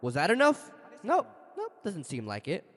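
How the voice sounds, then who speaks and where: A male pastor preaching a sermon, telling stories dramatically with sudden leaps in pitch. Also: wildly swooping pitch, normal speed. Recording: long reverb of a large hall.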